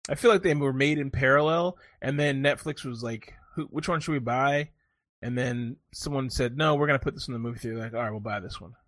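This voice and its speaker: Bright-voiced joking man, dry sound. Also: medium pitch, a little fast, dry recording. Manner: jokey, rambling storyteller. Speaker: podcast co-host. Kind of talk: casual chat.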